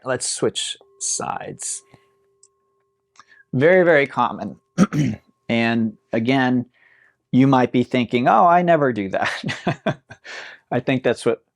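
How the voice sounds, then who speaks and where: A male yoga teacher with a gravelly edge to his mid-range voice, talking through a class in a relaxed, musing way. He sounds lightly amused. The sound is dry and close, with no room echo. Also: medium pitch.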